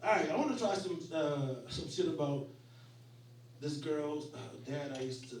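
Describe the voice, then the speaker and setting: A stand-up comedian in his forties tells stories loosely and profanely, as if chatting, during a set at a small venue. His voice is on the high side, expressive and a little mellow, at a normal speed. The distant mic gives roomy club sound with slight background noise.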